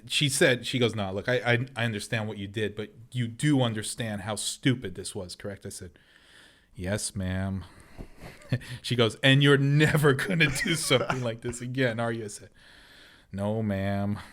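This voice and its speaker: A man tells a story on a casual podcast. He is animated, slips into voices for the people he quotes, and breaks into laughter often. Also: lowish voice, moderate pace. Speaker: podcast co-host.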